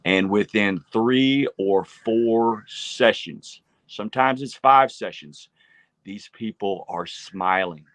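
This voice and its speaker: A man co-hosting a life-coaching podcast, chatting in an earnest, fired-up way that slows down for emphasis. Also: on the low side, a bit bright, no room sound. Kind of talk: casual chat.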